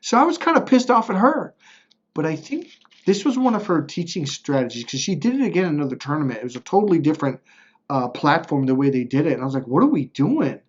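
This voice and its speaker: This motivational speaker talks fast and very animatedly, his fairly high voice carrying a breathy edge through a muffled recording. His personal story wanders and restarts, full of blunt profanity and repeated "right?" check-ins.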